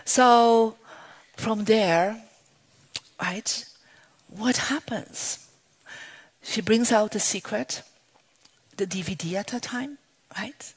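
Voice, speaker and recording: A woman's voice: mid-range voice, a little slow, pauses often, slightly rough, low-quality recording. A middle-aged woman from Belgium telling a personal story on stage, acting out the dialogue in it. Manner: animated, acts out quoted dialogue. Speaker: speaker.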